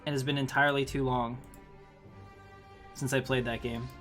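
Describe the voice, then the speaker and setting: A man's voice: medium pitch, little pitch movement, moderate pace, a bit bright, faint music behind. A man casually commenting on his strategy game livestream, thinking aloud, reading game text and chatting with viewers. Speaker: streamer playing a strategy game.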